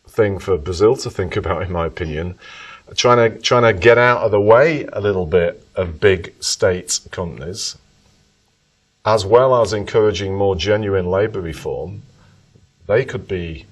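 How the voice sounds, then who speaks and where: A man giving an economics talk to an audience and answering questions, thoughtful and emphatic, often correcting himself as he goes. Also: lowish voice. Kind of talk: lecture with audience Q&A. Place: lecture room. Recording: voice from far off the mic.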